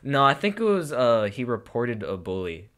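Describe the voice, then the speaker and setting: A man's voice: mid-range voice, very animated, normal speed, fairly bright tone. A young man co-hosting a casual podcast, telling a story with many hesitations and fillers. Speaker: podcast co-host. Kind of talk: casual chat.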